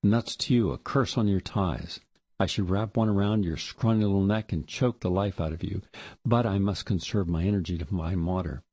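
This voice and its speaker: A man's voice: sits low, normal speed, dark tone, slightly rough, dry recording, muffled recording. A man voicing a desperate, furious male fugitive in the desert, ranting and contemptuous.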